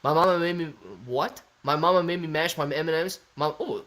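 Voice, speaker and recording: Guy hosting a live stream, kinda high voice, goofy, reads the chat out loud and messes with tongue twisters. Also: fast, hardly any pauses. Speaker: livestream host. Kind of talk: casual livestream chat.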